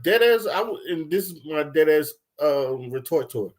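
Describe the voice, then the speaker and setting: A young man ranting casually, telling loose, profane stories with lots of laughter and swings between loud bursts and low mumbles. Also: sing-song, normal speed, hardly any pauses. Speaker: commentator. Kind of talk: casual rant.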